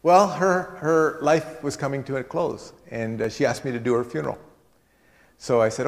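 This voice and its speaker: A man preaching a sermon as a guest speaker, telling stories earnestly and slowing down for emphasis, in a church hall. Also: mid-range voice, steady tone, vocal fry. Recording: long hall reverb.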